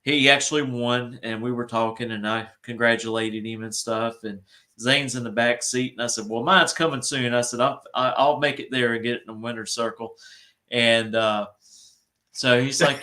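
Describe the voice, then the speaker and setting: A man with a drawl hosts a relaxed interview, chatting in an easygoing, folksy way. His voice has a bright, forward edge at a mid-range pitch. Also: moderate pace. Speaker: interview host. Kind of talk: casual interview chat.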